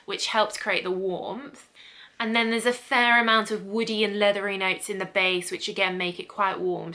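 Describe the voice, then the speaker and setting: A woman's voice: medium pitch, bright, forceful tone. A young woman chatting casually through a perfume review, describing scents with frequent ums. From England. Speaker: beauty vlogger.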